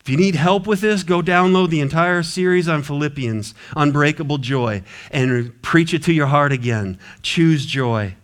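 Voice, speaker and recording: Pastor guy preaching, earnest and kinda repetitive, voice sits a bit high. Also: moderate pace, hardly any pauses. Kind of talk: sermon.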